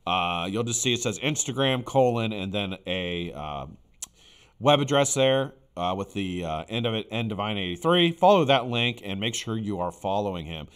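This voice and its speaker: A man's voice: fairly low pitch, expressive, moderate pace, a bit bright, clean tone. A man hosting a live stream in casual chat, rambling and blunt, with frequent fillers and some swearing. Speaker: livestream host.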